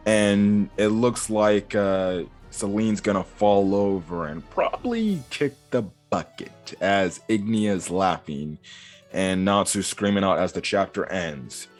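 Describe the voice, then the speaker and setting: A man with a lowish voice gives a casual, rambling recap of a comic chapter. He leans on fillers and drops into quick voiced quotes of the characters. Soft music plays faintly underneath. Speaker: manga reviewer. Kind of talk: casual video commentary.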